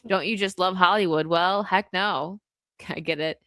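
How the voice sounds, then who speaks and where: A woman's voice: fairly low pitch, a little slow, sharp tone, no room sound. An American woman hosting a casual live stream, chatting and reading out viewer donations with frequent laughter. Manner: chatty, laughs often, reads donor messages aloud. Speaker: host.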